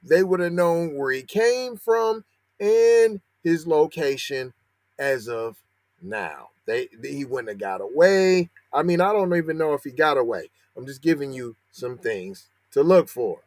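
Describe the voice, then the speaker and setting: Male podcast host, slangy sarcastic commentary, slow delivery, dead-dry mic. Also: medium pitch, no echo. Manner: sarcastic, rising to heated outrage; slangy, talks back to the article he reads. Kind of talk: commentary on a news story.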